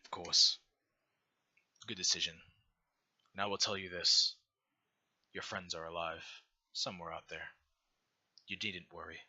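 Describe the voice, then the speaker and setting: A man voicing a serene godlike male being, speaking slowly and softly in a solemn, welcoming way. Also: deep voice, fairly even intonation, no room sound, voice pushed down, exaggerated voice. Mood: reassuring. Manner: slow, hushed, solemn and welcoming.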